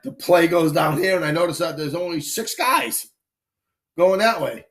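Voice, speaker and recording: A man casually telling animated anecdotes on a live stream, acting out quick voices as he goes. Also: on the high side. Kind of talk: casual storytelling.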